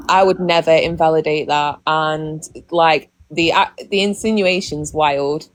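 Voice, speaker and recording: A woman's voice: sits low, steady tone, moderate pace, few pauses, dry recording. A woman hosting a livestream chat, talking bluntly and swearing freely. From England. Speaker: livestream host.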